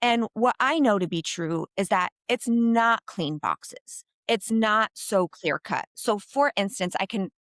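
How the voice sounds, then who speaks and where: A woman geropsychologist answering interview questions in a thoughtful, animated way, with frequent fillers. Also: medium pitch, unhurried, hardly any pauses, dry recording, clean studio sound. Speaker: geropsychologist guest.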